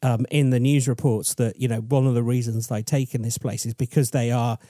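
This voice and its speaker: A man with a warm, steady, medium-pitched voice speaks fairly quickly, co-hosting a podcast and telling a chatty, digressive story that pokes fun at himself. The recording is dry with clean studio sound.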